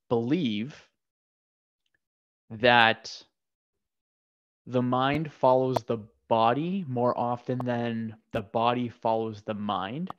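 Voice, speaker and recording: Halting man hosting a podcast, muffled audio. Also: mid-range voice. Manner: halting, restarts sentences while searching for words. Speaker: podcast host. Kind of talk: casual interview chat. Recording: slightly dull lo-fi audio.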